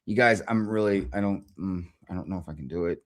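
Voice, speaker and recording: A man's voice: sits low, quick pace. A man hosting a livestream, ranting casually in a rambling way and swearing constantly. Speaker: livestream host. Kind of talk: profane casual rant.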